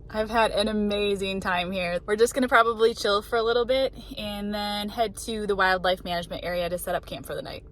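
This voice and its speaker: A middle-aged American woman vlogs about travel from her car and from outdoor overlooks, chatting casually with lots of enthusiasm and frequent laughter. Her voice is medium-pitched and steady, and she talks fast with few pauses. The recording is rough, with slight background noise.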